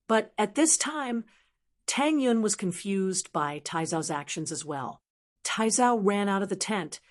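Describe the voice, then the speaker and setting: A woman narrating a web novel audiobook with a steady, even reading. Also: medium pitch.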